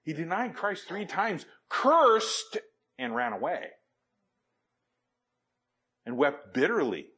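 A man's voice: fairly high pitch, sing-song, slow pace, long pauses, a bit bright, slightly rough. A man preaching a sermon, quoting scripture and asking the congregation questions with emphatic delivery. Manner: asks the audience questions, emphatic.

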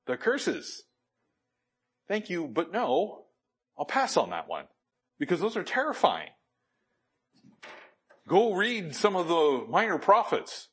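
Speaking slowly with long pauses, a man delivers an emphatic sermon, citing scripture and asking his congregation questions. His voice is high and breathy-edged, its pitch swooping wildly.

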